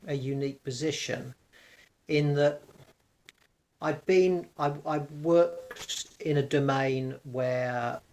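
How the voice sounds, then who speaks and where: A man as a guest in a podcast interview, speaking in an animated, rhetorical way and acting out hypothetical conversations. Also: medium pitch, slow pace, a little hiss or hum.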